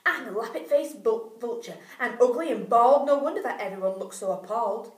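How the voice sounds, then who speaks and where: A woman's voice: a little high, lively intonation, a little fast, reverberant, far from the mic, lightly acted. A woman voicing a bald smelly vulture who boasts about being revolting. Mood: boastful.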